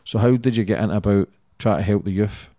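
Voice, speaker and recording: A fast-talking man with a low, mellow voice, prompting his guest with quick questions. The sound is dry and close. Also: dry recording. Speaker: interviewer. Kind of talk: casual interview.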